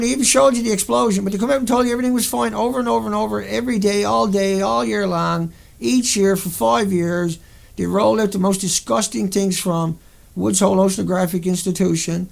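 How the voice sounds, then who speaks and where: A video host with a raised, high voice heavy with vocal fry delivers a furious, profane rant over pictures, erupting into sudden outbursts. He speaks a little fast, and anger runs through every line.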